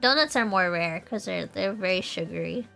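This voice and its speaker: A woman's voice: lowish voice, moderate pace, gravelly, fairly bright tone, faint music behind. A woman streamer chatting casually with her viewers, bubbly and rambling, laughing often. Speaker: vtuber streamer.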